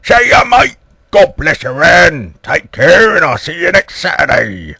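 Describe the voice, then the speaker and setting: A man voicing a gruff, working-class queen who shouts bossily at an intruder. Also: fairly high pitch, huge pitch swings, unhurried, no room sound, voice pushed up, exaggerated voice. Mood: chummy. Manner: shouting, coarse and bossy.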